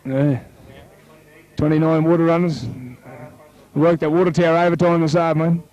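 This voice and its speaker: On a muffled recording, an Australian commentator with a voice on the high side calls a local rugby league match play by play at a moderate pace. He chats with his co-commentator and his voice rises to excited shouts whenever someone scores a try.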